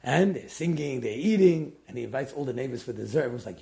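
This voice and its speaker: A man's voice: fast, creaky. A man telling a story in a Torah class, acting out the characters big swings in voice. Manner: animated storyteller, acts out quotes with big pitch jumps. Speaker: rabbi.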